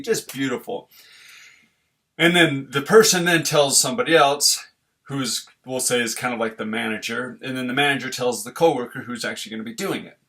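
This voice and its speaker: A man's voice: medium pitch, bright, forceful tone. Earnest middle-aged man giving advice. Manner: earnest, conversational, explaining with homely examples. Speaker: relationship advice speaker. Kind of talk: casual talk.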